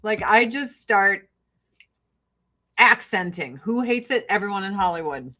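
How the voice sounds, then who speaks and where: A woman with a Chicago-area Midwestern accent, talking in an unhurried, drawn-out way. She chats casually and bluntly with her viewers, swearing freely and breaking into laughs. Her voice sits at a middle pitch for a woman. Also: lively intonation, pushed and bright. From Joliet, Illinois. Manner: blunt, profane, laughs often. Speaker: streamer answering viewer chat. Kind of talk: casual chat.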